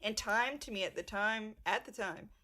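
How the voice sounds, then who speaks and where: A woman's voice: medium pitch, moderate pace, pushed and bright. Woman rambling through a laughing story. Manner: rambling, laughs mid-story, swears casually. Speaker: podcast co-host. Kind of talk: casual storytelling chat.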